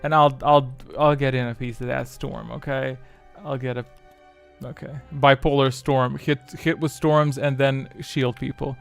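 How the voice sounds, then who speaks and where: Man, streamer running a quiz, gravelly voice, talks to himself, exasperated asides, faint music behind. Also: medium pitch, little pitch movement, unhurried. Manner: mutters to himself, exasperated at the software. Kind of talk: casual live-stream chat.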